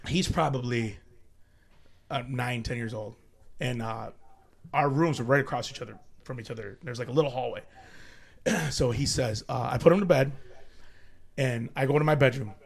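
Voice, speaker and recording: A man telling a ghost story casually, animated and profane, often laughing. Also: mid-range voice, gravelly. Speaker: storyteller guest.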